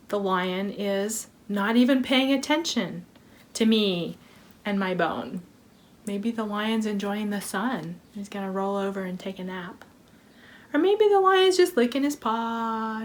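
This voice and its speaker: A woman's voice: mid-range voice, takes it slowly. A woman from a wellness team telling a playful teaching story, acting it out with props and little voices. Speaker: wellness educator. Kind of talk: storytelling lesson.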